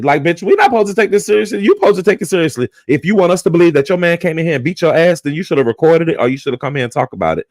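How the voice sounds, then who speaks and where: Animated, profane male livestream host. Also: a little high, rapid-fire, few pauses, no room sound. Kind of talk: casual livestream commentary.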